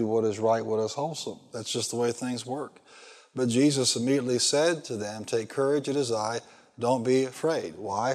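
A male pastor preaching a sermon, reading scripture and pressing the congregation with fill-in questions. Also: medium pitch. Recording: long hall reverb.

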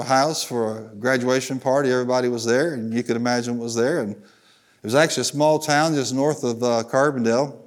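A middle-aged man, a pastor from Southern Illinois, preaching to a congregation, telling stories in a folksy way and calling for the congregation to answer him. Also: medium pitch. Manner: folksy storytelling, calls for congregation responses. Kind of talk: sermon with stories. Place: church sanctuary.

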